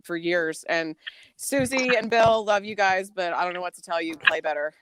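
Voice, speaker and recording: A woman's voice: fairly low pitch, moderate pace, a bit bright, slight background noise, poor audio. A woman guest on a casual podcast chat, brash and teasing, swearing freely.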